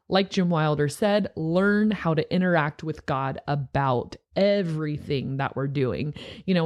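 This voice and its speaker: A woman's voice: low voice, a little mellow. A young woman who is a youth pastor, talking casually and earnestly on a podcast, with many filler words.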